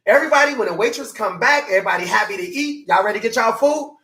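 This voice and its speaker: A man preaching a motivational sermon, animated and hollering, his voice climbing higher as he makes his point. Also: very fast, hardly any pauses. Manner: voice climbs high when emphatic.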